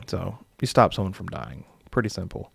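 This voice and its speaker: A man's voice: sits low, big pitch swings, moderate pace, gravelly, slightly rough, no room sound, studio quality. A young man casually hosting a live stream as dungeon master, rambling with filler words and chuckling as he reads viewer comments.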